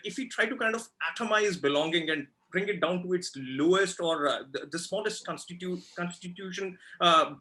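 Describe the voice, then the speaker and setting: A man's voice: a little high, sharp tone. A man asking long, rambling interview questions, searching for words with many restarts. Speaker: journalist interviewer.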